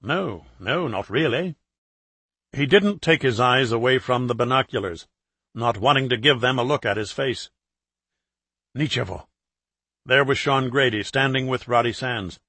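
A man narrating a thriller audiobook in a steady, measured reading. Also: medium pitch, no room sound.

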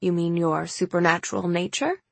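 A kindly grandmother over sixty speaks gently and warmly to a guest, as a woman narrator puts her on. The voice is soft and fairly low, recorded dry and close. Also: normal speed, creaky, dry recording. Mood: gentle. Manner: gentle, welcoming.

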